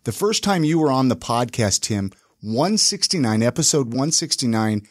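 A man hosting a podcast, talking in an upbeat, casual way with quick intros and filler restarts. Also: mid-range voice, sing-song, no echo, clean studio sound. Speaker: podcast host.

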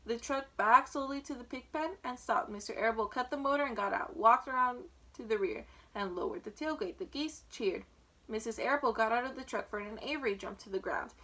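Woman reading aloud, children's storybook, clear steady narration, bright higher voice. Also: fairly quick. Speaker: storybook reader.

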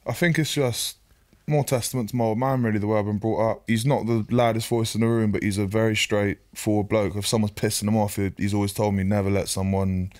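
A man's voice: on the low side, flat delivery, fast, a little mellow, dry recording, clean studio sound. Blunt young man. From Bristol, England. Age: 20s. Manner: blunt, straightforward storyteller. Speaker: podcast guest. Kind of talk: casual podcast chat.

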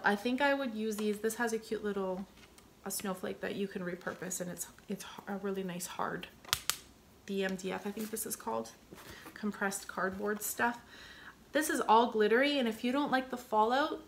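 A woman's voice: mid-range voice, fairly bright tone, a little hiss or hum. Chatty woman gushing over a haul. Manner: chatty, rambling, gushing over cute items. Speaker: vlogger showing a store haul. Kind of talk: casual chat to viewers.

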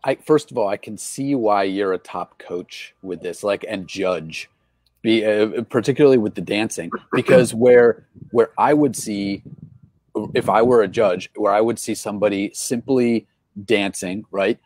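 A man with a lowish, somewhat husky voice hosting an interview. He talks in a thoughtful, casual way, sprinkling in "man" and "like". The sound is dry and close. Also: unhurried, a little mellow, no echo. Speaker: podcast host. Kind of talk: conversational interview.

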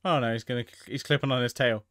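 A man's voice: mid-range voice, steady tone, fast talker, fairly bright tone, dry recording, clean studio sound. Profane, jokey man commenting on a film. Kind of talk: casual movie commentary.

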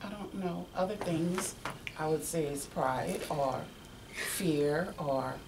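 A woman's voice: deep voice, takes it slowly, noisy background. A woman in a church class thinking aloud, tentative as she weighs her view. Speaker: class member. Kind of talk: sharing in a church class discussion. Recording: distant mic in a room.

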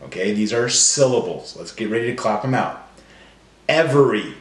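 A man leading a children's phonics lesson, slowly stretching out sounds and syllables. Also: on the low side, lively intonation, echoey room. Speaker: teacher. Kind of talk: phonemic awareness lesson for children.

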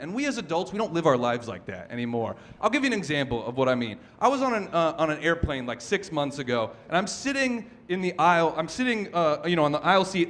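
A young man performing a stand-up comedy set on a club stage, telling stories with animated shouted bits. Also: a little high. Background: audience laughter.

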